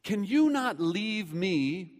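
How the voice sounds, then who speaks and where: Brief: preacher putting on a patient teacher, gentle and questioning, in a reverberant hall. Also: male voice, sits high, very animated, slow, heavily acted.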